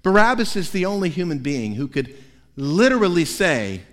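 A man preaching a sermon as pastor, telling the story dramatically and swinging between loud passages and hushed ones. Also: a little high, sing-song, normal speed. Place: church sanctuary. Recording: long reverb of a large hall.

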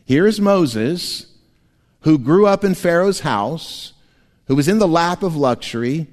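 A man preaching a sermon as pastor, animated and playful, often laughing and slipping into quick voices. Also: on the high side. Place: church sanctuary. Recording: long church hall reverb.

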